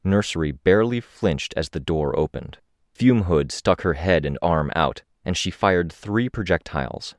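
A man narrating a first-person story in a steady, descriptive reading. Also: deep voice, moderate pace, no room sound, studio quality. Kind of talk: audiobook narration.

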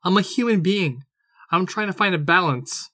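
A man's voice: high voice, moderate pace, pushed and bright, no echo, studio quality, voice pushed up. A man reading aloud, voicing an upset woman who argues sharply and raises her voice. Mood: pleading, angry. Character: upset adult woman, defensive and quick to anger.

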